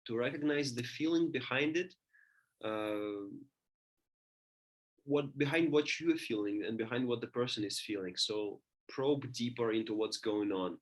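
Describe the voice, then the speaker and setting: Man, lecturer, halting delivery, frequent restarts, middle-pitched voice. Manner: thinking aloud, many restarts and fillers. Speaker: teacher.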